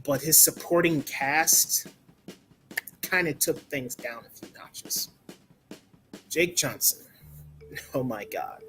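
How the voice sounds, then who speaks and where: A man reviews a movie in a blunt, loose rant, filling his sentences with "like" and the odd curse. His voice sits a bit high for a man. Soft music plays faintly behind him. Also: animated, takes it slowly, pauses often. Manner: blunt, ranting, peppered with "like" and swearing. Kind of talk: casual spoken review.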